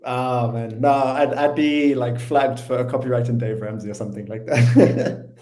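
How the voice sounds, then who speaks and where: Easygoing British guest, thirties, warm low tone, roomy echo, lots of "you know". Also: male voice, steady tone, moderate pace. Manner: easygoing, filler-heavy, hedging. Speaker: interview guest, finance channel creator. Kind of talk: casual interview. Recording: echoey room.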